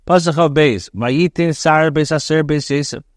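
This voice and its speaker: A man teaching as a rabbi, reading Hebrew verses aloud and translating each phrase into English with frequent pauses and restarts. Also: fairly high pitch, dry recording, clean studio sound. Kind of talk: reading and translating scripture line by line.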